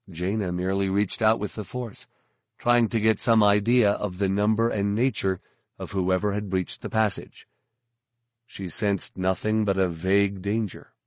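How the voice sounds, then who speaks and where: Male audiobook narrator, deep-ish, unhurried, dry booth sound. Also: no room sound. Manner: measured, steady storytelling. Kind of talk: scripted narration.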